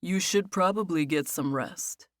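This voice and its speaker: A woman narrator voicing a calm, patient young man who speaks quietly. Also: on the low side, measured pace, dry recording, studio quality, lightly acted. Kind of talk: audiobook character voice.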